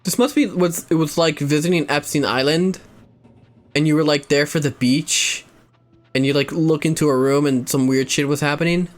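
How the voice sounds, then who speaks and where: Talking at a normal speed in a voice on the high side with fairly even intonation, a young man chats casually while streaming a game. He wanders between topics, swears, and stops himself mid-sentence.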